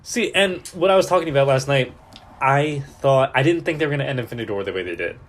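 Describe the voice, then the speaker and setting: A man's voice: mid-range voice, animated, quick pace. A young man co-hosting a casual podcast, telling stories emphatically and acting out his own reactions. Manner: emphatic storyteller, swears, acts out his reactions. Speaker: podcast co-host. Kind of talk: casual chat. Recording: faint background noise.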